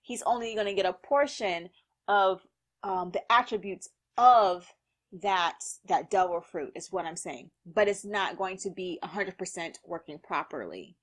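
A woman reading a manga aloud and reacting to it in a lively, slangy way, laughing often. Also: on the low side, unhurried.

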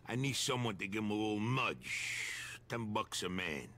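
An actor playing a shrewd middle-aged dockside crime boss who talks in a streetwise, persuasive way. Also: male voice, fairly low pitch, big pitch swings, normal speed, pushed and bright, slight background noise. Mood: scheming.

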